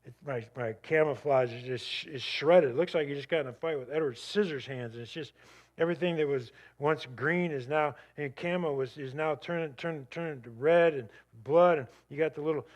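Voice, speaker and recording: A man with a slightly high voice speaks as a guest at a church. He tells a dramatic personal story with vivid energy. His voice surges up and then sinks low and quiet. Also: a little fast, lo-fi sound. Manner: vivid, animated retelling with sudden drops to a hush.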